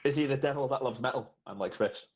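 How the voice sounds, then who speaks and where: A man joking around as a player at a tabletop game, animated banter. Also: medium pitch, fast talker, lo-fi sound, a little hiss or hum. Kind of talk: casual chat at a game table.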